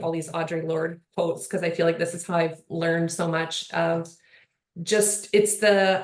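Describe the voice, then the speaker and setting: A woman speaking on a panel in casual conversation, earnest and rambling, with lots of "like" and "you know". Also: on the low side. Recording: roomy echo.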